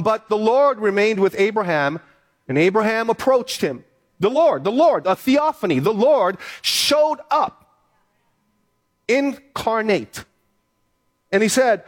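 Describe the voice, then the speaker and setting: High-pitched guy preaching, reads scripture then hammers his points home, earnest. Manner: earnest, emphatic preaching with repeated phrases. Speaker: pastor. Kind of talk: sermon reading scripture.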